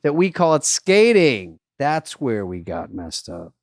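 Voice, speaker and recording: A middle-aged man from Arizona, co-hosting a podcast in casual chat, telling animated stories with lots of swearing and acted-out voices. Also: medium pitch, measured pace, no room sound, studio quality. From Arizona, USA. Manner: animated storyteller, swears a lot, acts out voices. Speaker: podcast co-host.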